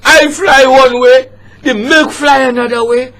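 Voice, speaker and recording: A man's voice: very high voice, fairly even intonation, measured pace, gravelly, bright, forceful tone, voice pushed up, exaggerated voice. A man voicing a chatty young St. lad. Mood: rueful. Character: young Caribbean boy, cheerful and tough.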